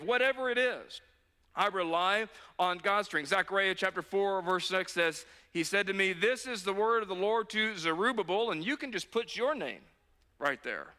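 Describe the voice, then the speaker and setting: A man's voice: high voice, lively intonation, moderate pace, pushed and bright. A man preaching a sermon as a pastor, earnest and urging, repeating phrases for emphasis. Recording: long hall reverb.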